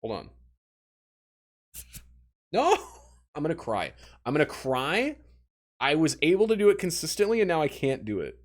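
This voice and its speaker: A man's voice: fairly high pitch, very animated, fairly quick. A young man from Missouri chatting casually with his livestream audience, self-mocking and talking straight to chat.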